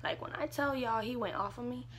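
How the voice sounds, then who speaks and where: A woman's voice: a little high, a little fast, fairly bright tone, a little hiss or hum. A young woman vlogger casually telling a personal story, chatty and leaning on "like" a lot. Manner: chatty, fills with "like" often.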